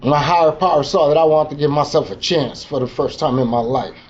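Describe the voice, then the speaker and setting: A man's voice: on the high side, a little fast. A man telling his own recovery story at a meeting, in raw, emotional street talk full of slang. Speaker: recovery speaker. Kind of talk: personal testimony at a recovery meeting. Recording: dull lo-fi recording with faint noise.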